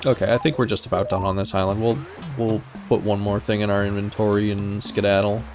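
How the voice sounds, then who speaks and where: A man's voice: fairly low pitch, little pitch movement, brisk, music in the background. A man streaming a game, chatting in a casual, musing way. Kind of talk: casual gaming chat.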